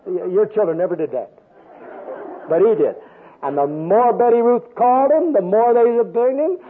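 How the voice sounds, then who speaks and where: An older man preaching a sermon with a storytelling manner, swinging from loud emphasis down to a soft hush. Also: sits high, lively intonation, normal speed, breathy edge, some chatter behind. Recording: tinny phone-like radio sound.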